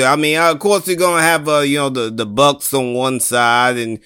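A man's voice: medium pitch, fairly even intonation, normal speed, hardly any pauses, pushed and bright, smooth. A man on a casual basketball panel, rambling and hedging his picks with lots of fillers. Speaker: sports talk panelist. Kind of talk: casual sports chat.

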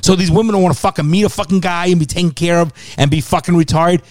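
A man's voice: sits high, fairly even intonation, fast, a little mellow, dry recording, clean studio sound. A middle-aged man co-hosting a podcast, ranting with constant swearing and exasperation. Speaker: podcast co-host. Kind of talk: casual podcast chat.

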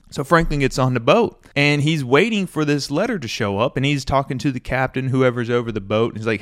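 A man's voice: medium pitch, a little fast, hardly any pauses, dry recording, studio quality. A man hosting a podcast, giving a casual, conversational review of a classic book with loose everyday fillers. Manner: relaxed, conversational, loose fillers like "you know" and "stuff like that".

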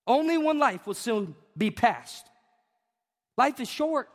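A high-voiced man preaches a sermon, emphatic and emotional, firing off repeated questions and building to shouts. His voice rings through a church sanctuary with a long reverb tail. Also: very animated, takes it slowly. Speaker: pastor.

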